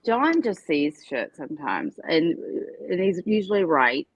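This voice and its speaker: A woman's voice: sits low, big pitch swings, measured pace, a little hiss or hum. A woman co-hosting a casual commentary show, talking emphatically and acting out how people phrase things. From United States. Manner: emphatic, acts out quoted phrasings. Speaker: co-host. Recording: dull, dry close mic.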